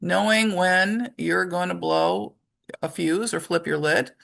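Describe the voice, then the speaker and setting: A middle-aged woman presenting a parenting workshop in a conversational way, acting out short examples and filling her pauses with "um". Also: fairly low pitch, fairly even intonation, vocal fry, a bit bright. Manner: conversational, with many fillers and acted-out examples. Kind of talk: informal presentation talk.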